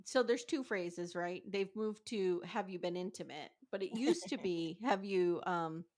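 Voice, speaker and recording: A woman's voice: fairly low pitch, unhurried, darkish tone. Podcast guest, woman, casual chat; thoughtful, agreeable, wry.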